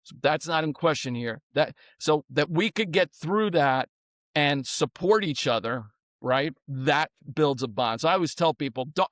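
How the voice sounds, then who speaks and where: A man being interviewed as a guest on a podcast, telling stories in an animated way, with many fillers and restarts. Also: a little high, no room sound. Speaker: guest, former company executive. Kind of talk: conversational interview storytelling.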